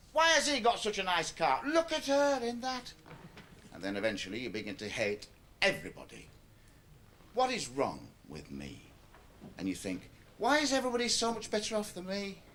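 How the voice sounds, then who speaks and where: A man's voice: high voice, wildly swooping pitch, moderate pace, fairly bright tone, a little hiss or hum, exaggerated voice. An actor playing a cynical, middle-aged male stand-up comedian who talks in a chatty, lecturing way in a radio play. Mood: stand-up patter. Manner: chatty, lecturing, shifts into a club comedy routine. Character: aging male stand-up comic, cynical and wheedling.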